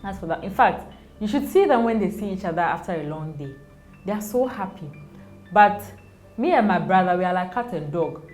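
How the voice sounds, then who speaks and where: A woman's voice: fairly low pitch, lively intonation, brisk, darkish tone, soft background music. A young Ghanaian mother in a casual interview, speaking animatedly, often laughing and acting out quoted voices. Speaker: interview guest, mother of two.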